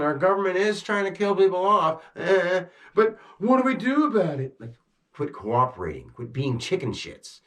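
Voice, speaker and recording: A man talking intensely to a camera, amped up and agitated, swearing and swinging between rushed bursts and slow, heavy emphasis. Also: a little high. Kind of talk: rambling talk to camera.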